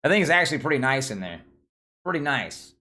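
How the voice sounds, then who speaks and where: A quick-paced, medium-pitched male voice belongs to a Southern-accented livestream host from Tennessee. His chat is casual and energetic, full of frequent laughter and excitable energy.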